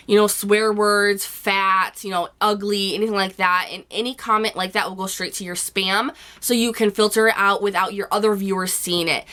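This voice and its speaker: Hoarse woman vlogger giving blunt advice. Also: mid-range voice, pushed and bright. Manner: blunt, chatty, with frequent "you know" and casual swearing. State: hoarse from a cold. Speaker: YouTube vlogger. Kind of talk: casual advice chat to camera.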